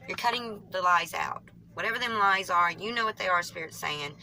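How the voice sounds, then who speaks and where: A woman with a Southern US country twang talks fast through a tarot reading for her viewers. Her voice is bright and forceful, and she often stops and restarts her sentences. Faint noise hums behind her. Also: lowish voice, low-quality recording. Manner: fast, rambling, self-correcting. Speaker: tarot reader.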